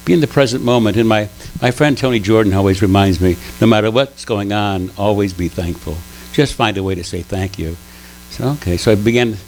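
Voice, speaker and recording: A man giving a conversational sermon at a spiritual center, telling stories with lively pitch swings and frequent restarts. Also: slight background noise, low-quality recording. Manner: animated storytelling, frequent restarts.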